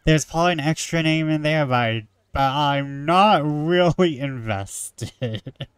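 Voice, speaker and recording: A man reads a story game aloud and breaks off into wry, joking asides. His voice is smooth and clear. The sound is close and dry. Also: a little high, slow pace, dry recording. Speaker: gamer.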